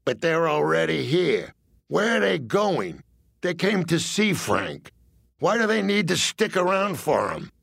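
A man voicing a blunt, suspicious male mob associate in a comic audiobook story, asking slow, probing questions. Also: fairly high pitch, big pitch swings, vocal fry, fairly bright tone, no room sound, studio quality, pitched above the performer's own voice, exaggerated voice.

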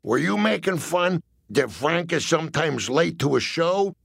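A man voicing a blunt, suspicious male mob associate in a comic audiobook story, asking slow, probing questions. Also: a little high, lively intonation, creaky, fairly bright tone, husky, no echo, clean studio sound, voice pushed up, exaggerated voice.

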